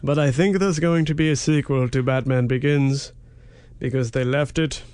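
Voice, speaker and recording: A man chatting casually as co-host of a movie review show. His delivery is dry and offhand, with a joking edge. He speaks at an ordinary, middle pitch. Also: steady tone, normal speed, darkish tone, clean tone, no echo. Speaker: podcast co-host.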